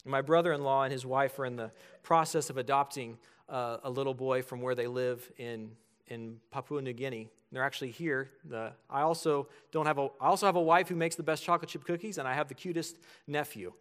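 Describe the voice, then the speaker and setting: A man's voice: mid-range voice, steady tone, fairly quick, few pauses, fairly bright tone, clean tone. A man in his thirties preaching a sermon as pastor, earnest and building to emphatic points.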